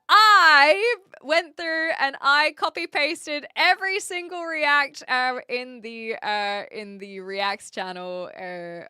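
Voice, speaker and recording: A woman's voice: a little high, pushed and bright, smooth, no echo, studio quality. A young woman streaming live, chatting casually with her viewers in a scattered way, full of fillers and restarts. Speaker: livestream host. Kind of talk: casual livestream chat with viewers.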